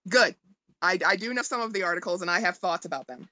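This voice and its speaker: A woman's voice: fairly low pitch, fast talker, pushed and bright, no room sound, muffled recording. A woman in her forties co-hosting a podcast, reacting with laughter and swearing. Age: 40s. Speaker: podcast co-host. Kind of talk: casual podcast chat.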